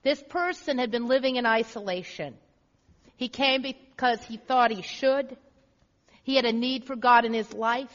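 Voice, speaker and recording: A woman pastor with a high voice preaches in a church sanctuary, earnest and leaning on repeated phrases. The sound carries a long hall echo. The recording is dull and lo-fi. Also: moderate pace, fairly bright tone. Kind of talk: sermon.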